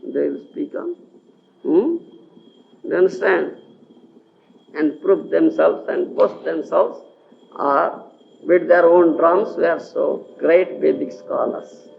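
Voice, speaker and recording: Slow gravelly Indian-man on old tape. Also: fairly high pitch, animated. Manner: questioning, checks listeners often. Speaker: spiritual teacher. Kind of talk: lecture on scripture. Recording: dull old lecture tape with hiss.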